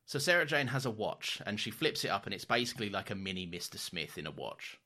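A man's voice: fairly low pitch, sing-song, quick pace, pushed and bright. A man co-hosting a podcast, telling rambling stories with casual swearing and frequent laughs. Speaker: podcast co-host. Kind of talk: casual chat.

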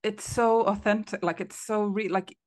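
A woman's voice: mid-range voice, steady tone, normal speed, darkish tone. A woman co-hosting a book podcast, chatting casually and eagerly agreeing. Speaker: podcast co-host. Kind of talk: casual chat.

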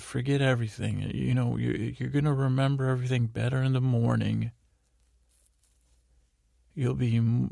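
A man's voice: mid-range voice, gravelly, darkish tone, dry recording, studio quality. A man hosting a sleep podcast, talking in a detached, tired, meandering way with many restarts. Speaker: podcast host. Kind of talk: rambling sleep podcast monologue.

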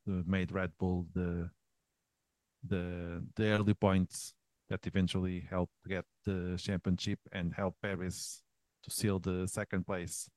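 Very deep, halting man, dry close sound. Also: darkish tone, no room sound. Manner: hesitant, many ums, halting phrasing. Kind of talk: casual sports discussion.

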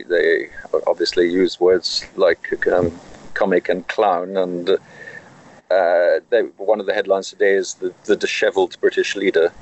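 A man answering interview questions in a measured way, often pausing and restarting as he explains. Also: low-pitched, husky, poor audio. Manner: measured, with frequent hesitations. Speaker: correspondent in France.

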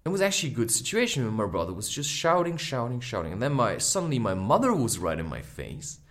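A man in his thirties talks through a personal story on his podcast. His pitch rises and falls a lot as he speaks. He sounds reflective and candid, often pausing for small asides. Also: big pitch swings, fairly bright tone. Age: 30s. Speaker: podcast host.

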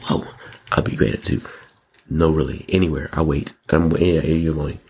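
A man hosting his own show, giving a casual, animated movie review full of slang and repeated words. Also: extremely low pitch, a little fast, slight background noise. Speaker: show host.

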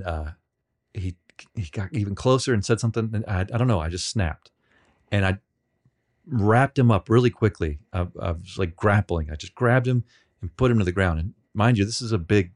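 A man being interviewed on a podcast, telling rambling, self-deprecating stories with many halting restarts. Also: sits low. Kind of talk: casual storytelling.

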